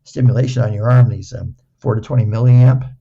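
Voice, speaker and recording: Gravelly older man telling jokey stories. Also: medium pitch, fairly quick, dark tone, muffled recording. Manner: playful joker who acts out dialogue and repeats words. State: recovering from a stroke. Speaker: guest. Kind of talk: casual anecdotal storytelling.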